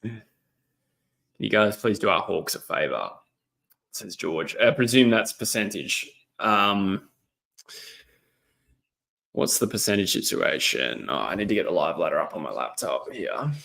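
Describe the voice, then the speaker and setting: His voice sits low, sing-song and a bit bright, creaky and unhurried, with frequent pauses. This young Australian hosts a casual footy stream from a laptop indoors, calling the match, rambling with many ums and reading viewers' chat aloud.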